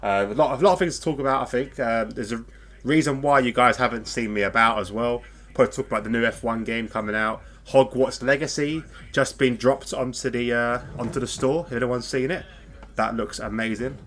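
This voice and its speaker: A man's voice: medium pitch, steady tone, brisk, fairly bright tone. A man from the UK hosting a casual live podcast, chatty and rambling, with fillers and frequent laughs. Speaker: podcast host.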